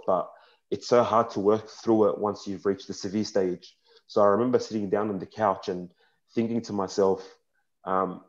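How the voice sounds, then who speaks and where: A young man talks frankly and earnestly at a panel, his voice sitting fairly low. His speech halts now and then as emotion comes through. The recording sounds dull and lo-fi. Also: darkish tone. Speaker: panel speaker. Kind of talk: personal testimony at a panel talk.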